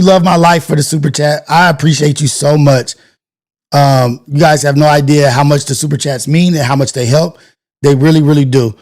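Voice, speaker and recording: Rambling, higher-voiced male stream host. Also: darkish tone. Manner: rambling, thinks aloud, self-correcting. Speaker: live-stream show host. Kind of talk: casual live-stream chat.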